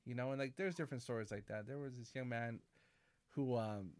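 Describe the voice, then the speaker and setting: A man in his forties, a Catholic priest, chatting casually and telling animated stories, acting out quoted dialogue and calling people "man" and "baby". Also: medium pitch, brisk. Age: 40s. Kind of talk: casual conversation.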